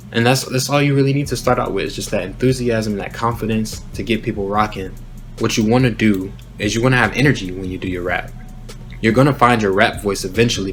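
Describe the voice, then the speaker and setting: A young man hosting a rap-writing tutorial, explaining in a relaxed, conversational way and rapping short examples aloud. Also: lowish voice. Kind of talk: casual instructional talk.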